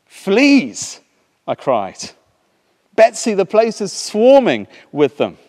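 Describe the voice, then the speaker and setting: A frightened young woman prisoner exclaims in a raised, strained tone, as a man reads her lines aloud. The voice sits well above a normal speaking pitch and tips toward alarm. A long reverb from a large hall trails every phrase. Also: huge pitch swings, slow, full character voice. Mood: distressed.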